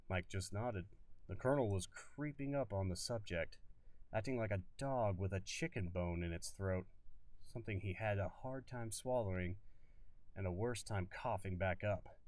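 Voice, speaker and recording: Streamer reading a book aloud, low-ish voice, slips and rereads, dry sound a little off-mic. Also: male voice, moderate pace, a little mellow, no room sound, far from the mic. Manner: stumbles and rereads, comments on himself.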